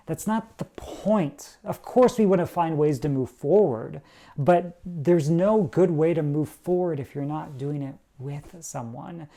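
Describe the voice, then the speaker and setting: A man's voice: a little high, creaky, dark tone. A man preaching a sermon as pastor, earnest and conversational, slipping into little quoted voices to make his point.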